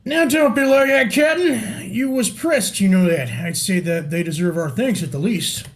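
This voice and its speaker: A man's voice: high voice, normal speed, gravelly. A man voicing a polite, apologetic male pirate crewman, reading game dialogue in a folksy pirate dialect. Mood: cheery. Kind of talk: reading game quest dialogue aloud in character.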